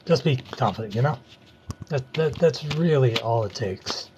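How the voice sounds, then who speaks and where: A man's voice: medium pitch, lively intonation, moderate pace, noisy background. A man hosting a live stream, rambling playfully and doing tarot readings for viewers. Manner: playful, rambling, self-mocking.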